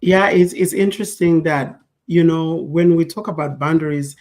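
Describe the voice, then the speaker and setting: A woman's voice: low-pitched, steady tone, moderate pace, darkish tone. A woman from Africa hosting a talk show, posing questions to her co-hosts and laying out definitions. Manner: poses questions to the panel and defines terms. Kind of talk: guiding a panel discussion.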